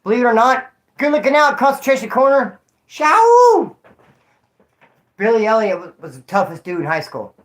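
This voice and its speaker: A man from California hosting his own channel, chatting casually in rambling street slang with loud shout-outs to viewers. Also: extremely high pitch, very animated, fast. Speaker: YouTube channel host. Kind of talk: casual livestream chat.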